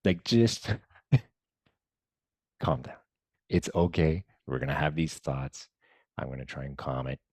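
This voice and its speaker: A man leading a meditation lesson in a relaxed, chatty way, often dropping to soft murmurs and mumbling. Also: very deep voice, a little slow, long pauses, breathy edge, dry recording, studio quality. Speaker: meditation guide. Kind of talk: casual guided-meditation talk.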